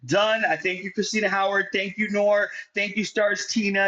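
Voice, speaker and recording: A man with a high voice hosts a livestream interview. He talks with lively energy, urging viewers to share before he brings his guest on. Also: normal speed, hardly any pauses, dull audio. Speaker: host.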